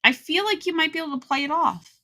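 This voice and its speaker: Woman co-host, high and bright, animated storyteller, casual chat. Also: quick pace. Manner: animated, acts out quoted reactions.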